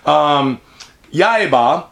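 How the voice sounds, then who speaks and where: A man's voice: a little high, animated, drawn-out words, vocal fry, fairly bright tone. A man co-hosting a casual podcast, rambling and swearing, often laughing. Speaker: podcast co-host. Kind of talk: casual crude podcast banter. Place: Japan.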